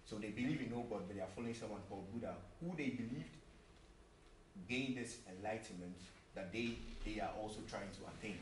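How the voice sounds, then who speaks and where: In a church hall, captured by a distant microphone amid echo and faint hum, a man preaches earnestly with a voice on the low side, moving a little fast. He repeats points, asks rhetorical questions, and works a joke into the sermon.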